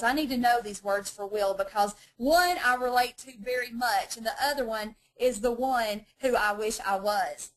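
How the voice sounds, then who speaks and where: Woman, fairly high voice, chatty and self-deprecating, teaching a women's Bible study to a live group. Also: fairly bright tone, low-quality recording. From North Georgia, USA.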